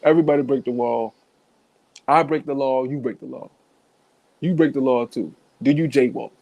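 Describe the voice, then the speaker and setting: A man's voice: medium pitch, normal speed, mellow, no echo, dull audio. A man giving blunt, profane reaction commentary in a casual way, laughing between points.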